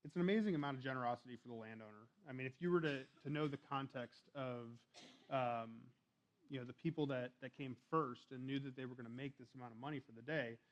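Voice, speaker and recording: Male preacher, easygoing conversational sermon, middle pitch, a bit lo-fi. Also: quick pace. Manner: conversational, restarts and fillers, reads scripture aloud.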